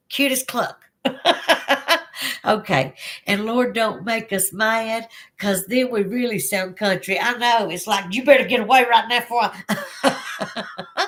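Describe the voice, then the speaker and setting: A woman's voice: medium pitch, fairly bright tone. A woman with a Southern accent hosting a live stream, reading chat aloud in a chatty, folksy way and laughing often. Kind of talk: casual chat. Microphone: phone.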